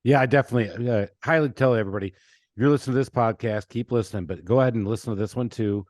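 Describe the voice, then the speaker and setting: A man hosting a podcast, telling lively stories with many restarts. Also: medium pitch, very fast, dry recording, studio quality. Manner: animated storyteller, many restarts. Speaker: podcast host. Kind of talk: casual podcast interview.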